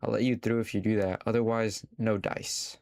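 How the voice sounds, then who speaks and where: A man's voice: fairly low pitch, little pitch movement, normal speed, vocal fry, darkish tone, dry recording. A man reading aloud the lines of a vain, teasing female swamp fairy in a game. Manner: teasing, bargaining.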